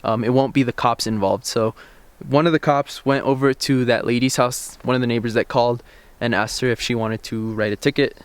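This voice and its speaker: A man's voice: mid-range voice, brisk, few pauses, clean tone. A young man hosting a car vlog, casually telling a story outdoors and acting out bits of quoted dialogue, recorded on a camera-mounted shotgun mic. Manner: relaxed, chatty, retells events with quoted dialogue. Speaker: car channel host. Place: outdoors by parked cars.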